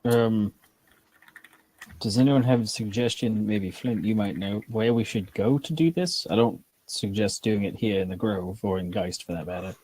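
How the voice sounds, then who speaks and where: Man, lowish mellow voice, casual game-table chat, faint noise. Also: moderate pace, rough recording. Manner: relaxed, laughs often.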